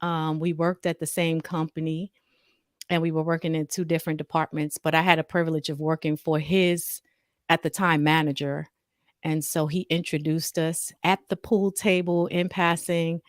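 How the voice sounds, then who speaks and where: A woman, from Atlanta, answering as a podcast guest, nervous and halting with fillers. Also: low voice, level tone, dry recording, clean studio sound. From Atlanta, USA. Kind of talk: casual interview.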